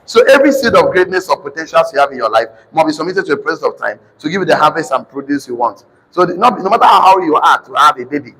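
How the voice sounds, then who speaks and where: A man with a Nigerian accent preaching to a live congregation, calling for responses and slowly repeating key lines for notes. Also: fairly high pitch, lively intonation, slightly rough. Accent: Nigerian English. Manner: sudden shouted emphasis. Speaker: motivational preacher. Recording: reverberant hall.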